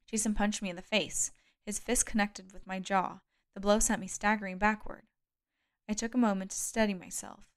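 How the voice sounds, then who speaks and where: A woman narrating a first-person thriller audiobook. Her reading is measured and steady, letting the tension build through even pacing. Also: mid-range voice. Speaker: audiobook reader.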